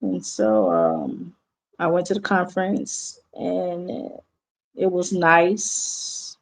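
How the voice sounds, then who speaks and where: A woman's voice: lowish voice, very animated, drawn-out words. A woman with a Southern accent chatting casually with viewers on her livestream, answering their comments and repeating herself. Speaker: livestream host.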